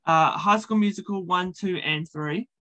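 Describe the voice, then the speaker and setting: A man's voice: high voice, measured pace, bright, forceful tone, rough recording. A man, chatting casually in an interview, with frequent ums and uhs. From New Zealand. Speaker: podcast host being interviewed.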